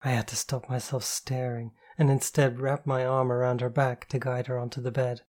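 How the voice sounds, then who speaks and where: A woman reading a novel aloud in the first person, calm, slow and intimate. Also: rumbling low. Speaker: audiobook narrator.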